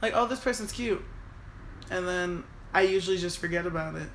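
A young woman telling a personal story in casual chat, emotional and animated, acting out what people said in raised voices. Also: lowish voice, fairly quick. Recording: echoey room with faint noise.

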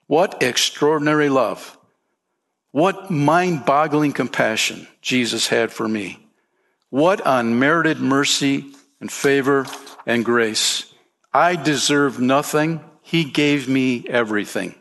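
A man's voice: medium pitch, takes it slowly, a bit bright. A man preaching a sermon as pastor, emphatic, lifting his voice for key points and calling listeners "man" and "friend".

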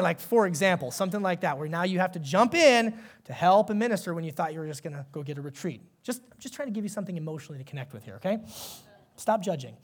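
Animated pastor preaching a conversational sermon. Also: male voice, high-pitched. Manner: conversational, animated, asks the congregation questions.

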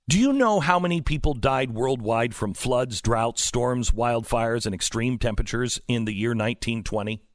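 A male talk host in a studio, voice pitched a little high and swinging widely as he presses his points. He talks in an emphatic, sarcastic way, firing off rhetorical questions. The sound is close and dry. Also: no room sound. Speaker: political talk show host. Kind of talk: opinionated political monologue.

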